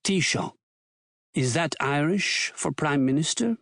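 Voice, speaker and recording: A man's voice: fairly high pitch, expressive, a little slow, a bit bright, no echo, studio quality, full character voice. A man voicing a sly, sardonic Nazi Reichsmarschall who asks mocking, probing questions.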